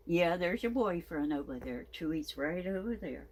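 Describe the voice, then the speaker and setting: A woman's voice: on the low side, lively intonation, moderate pace, hardly any pauses, a little mellow. A woman talking to her pet snake in a casual vlog, cooing baby talk, a little stuffy from her sinuses. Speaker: snake keeper.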